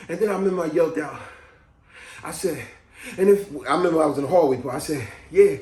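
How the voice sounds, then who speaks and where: A man vlogging an animated personal story, laughing and jumping into loud, excited outbursts when quoting himself. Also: a little high, quick pace. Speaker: video creator telling a personal story. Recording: roomy echo, from off the mic.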